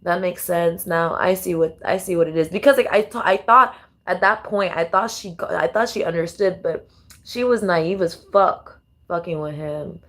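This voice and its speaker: A woman's voice: lowish voice, normal speed, fairly bright tone. A woman vlogger talking casually and profanely as she reacts to songs, thinking aloud with many restarts. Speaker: tarot and astrology vlogger. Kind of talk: casual commentary while playing songs.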